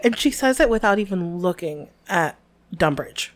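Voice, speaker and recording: A woman co-hosting a podcast, chatting casually in an animated, emphatic way and leaning on exaggeration. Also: fairly low pitch, normal speed. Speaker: podcast co-host. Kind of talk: casual chat between readings.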